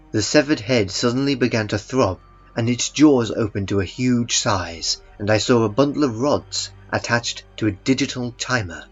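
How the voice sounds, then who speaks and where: A man reading a first-person horror story in a calm, dry, understated way. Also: medium pitch, normal speed, breathy edge. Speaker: narrator. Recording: muffled, with faint music beneath.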